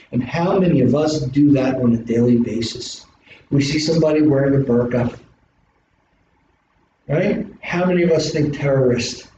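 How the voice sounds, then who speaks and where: A middle-aged man with a South Philly accent, an instructor giving an animated classroom lecture full of rhetorical questions. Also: fairly high pitch. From South Philadelphia, US. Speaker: college instructor. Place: large classroom. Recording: distant echoey classroom recording, dull and hissy.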